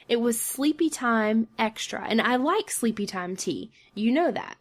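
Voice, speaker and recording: A woman with a slightly high voice tells a story on a home podcast. Her throat is scratchy and she coughs now and then. She talks in an animated, exasperated way. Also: normal speed, hardly any pauses. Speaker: podcast co-host. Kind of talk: casual storytelling.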